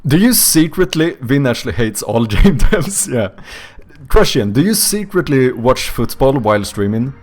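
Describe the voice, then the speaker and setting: With a mid-range, slightly mellow voice, a young man who makes games and streams speaks at an ordinary speed, very animated. Live from home, he reads and replies to viewer messages in a loose chat, swearing a lot and bursting into laughter.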